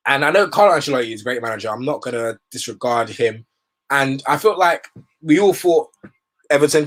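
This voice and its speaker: A man's voice: medium pitch, slightly rough. A young man hosting a football show, giving rambling, opinionated commentary in casual slang.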